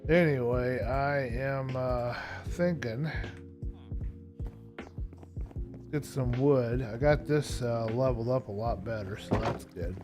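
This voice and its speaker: A drowsy man chats in a loose, rambling way as he plays, often trailing off. His voice sits at an ordinary pitch. Music runs clearly underneath his talk. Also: slow pace, pauses often. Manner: low-key, rambling, hesitant, yawning. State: tired and yawning. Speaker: streamer. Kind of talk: casual live-stream chat while playing. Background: background music.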